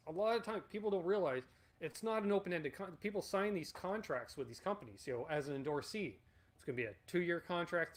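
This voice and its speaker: A man in his forties with a somewhat high-set voice, hosting a relaxed livestream Q&A. He rambles from point to point, talks bluntly and swears freely. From Canada. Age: 40s. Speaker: channel host. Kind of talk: casual livestream Q&A.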